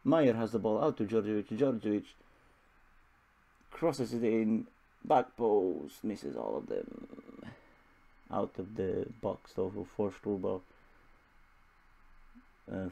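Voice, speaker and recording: A young man talks through a football management game in a low, gravelly voice. He rambles between match moments and pokes fun at himself in a loose, chatty way. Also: animated, slow, long pauses, warm tone. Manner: rambling, self-deprecating, chuckling asides. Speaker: gaming video host. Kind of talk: casual Football Manager let's play commentary.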